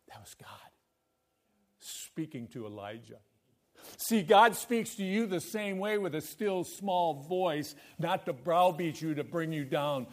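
A man preaching a sermon as pastor, his delivery emphatic, moving between loud declaration and hushed, intimate asides. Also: a little high, moderate pace.

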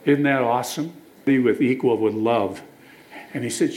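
A man's voice: mid-range voice, moderate pace, darkish tone, slight background noise, rough recording. A man preaching a sermon, telling stories, reading scripture aloud and putting questions to the listeners. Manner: storytelling, quotes scripture, asks the congregation questions.

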